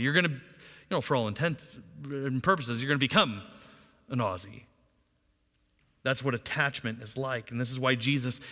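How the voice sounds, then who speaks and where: A man's voice: fairly high pitch, pushed and bright. A middle-aged man preaching a sermon as pastor, talking to the congregation conversationally and asking them lots of questions. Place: church sanctuary. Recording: long church reverb.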